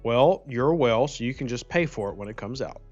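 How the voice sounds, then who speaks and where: A man's voice: medium pitch, lively intonation, moderate pace, darkish tone, lo-fi sound, soft background music. A man from Louisiana with a light Southern accent, hosting a casual gaming livestream and reading viewer comments aloud. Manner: chatty, reads viewer comments aloud, teasing. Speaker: livestream host.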